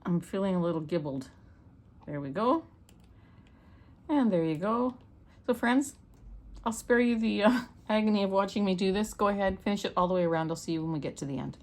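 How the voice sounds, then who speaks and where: A woman's voice: medium pitch, brisk, long pauses, a little mellow. A middle-aged woman from Canada giving a homey, step-by-step loom knitting tutorial as she works. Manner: chatty, homey, talks step by step while working. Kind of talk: hands-on craft tutorial.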